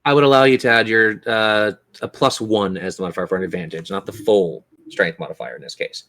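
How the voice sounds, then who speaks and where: A man's voice: lowish voice, brisk, a bit bright. A man acting as game master, narrating a tabletop game with patient, descriptive turns.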